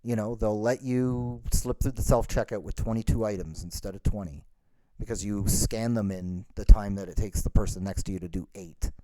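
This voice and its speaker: A man's voice: on the low side, moderate pace, mellow, dry recording. A man hosting a podcast, ranting in an exasperated, sarcastic way. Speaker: podcast host. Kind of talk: ranting monologue.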